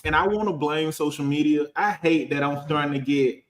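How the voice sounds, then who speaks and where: A man in his thirties, a finance professional on a casual panel, talking in an animated, storytelling way. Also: a little high, fairly quick, echoey room, a little hiss or hum. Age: 30s. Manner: animated, storytelling, acts out quotes.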